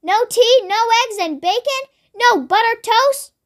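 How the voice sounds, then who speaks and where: A child reading aloud and voicing a bossy, greedy old grandmother who shouts and scolds. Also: very high voice, moderate pace. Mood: scolding.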